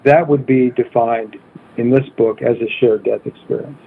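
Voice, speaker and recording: A man with a husky voice, a coauthor guest, tells a personal story at a steady pace with many "uh" fillers. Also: mid-range voice, moderate pace, a little hiss or hum. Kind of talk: storytelling in an interview. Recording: tinny phone line.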